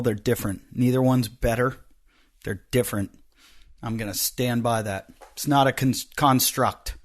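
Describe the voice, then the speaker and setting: A middle-aged male comedian runs a loose, joking monologue as a podcast host, his nose audibly stuffy. He rambles from one aside to the next, jumping from loud bursts down to muttered, offhand remarks. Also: fairly low pitch, fairly even intonation, normal speed. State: stuffy nose, a bit snotty.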